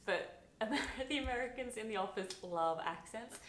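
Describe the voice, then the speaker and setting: A woman's voice: a little high, animated, unhurried. A woman with an Australian accent chatting casually to camera, laughing often as she talks. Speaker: office worker sharing opinions. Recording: roomy echo.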